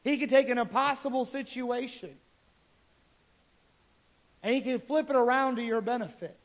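Man, preacher, very high voice, casual animated sermon storytelling. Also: normal speed. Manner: casual, animated retelling of scripture.

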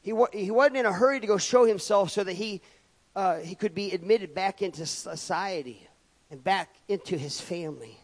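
A man preaching a sermon, reading scripture aloud and pressing his points with loud emphatic rises and sudden quiet drops. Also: high voice, normal speed.

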